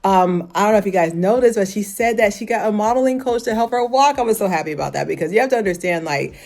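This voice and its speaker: A woman's voice: medium pitch, expressive, quick pace, a little mellow. A woman in her thirties giving a casual, rambling review, full of "like" and frequent laughter. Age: 30s. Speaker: fashion show reviewer.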